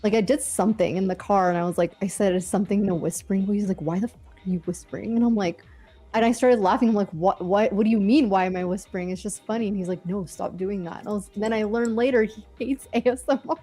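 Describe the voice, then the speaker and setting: A woman's voice: medium pitch, fast, warm tone, slightly rough, soft background music. A woman co-hosting a live trading stream, telling anecdotes between calling price levels. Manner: storytelling, laughs easily, calls price levels. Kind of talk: casual chat.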